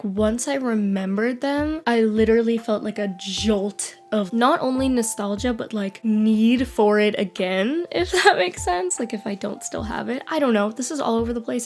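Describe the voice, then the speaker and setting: Giggly young woman with a cold. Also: a little high. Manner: rambling, giggly, says "like" often. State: slightly sick with a cold. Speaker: YouTube host. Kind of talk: casual unscripted chat. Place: indoors under bright lights.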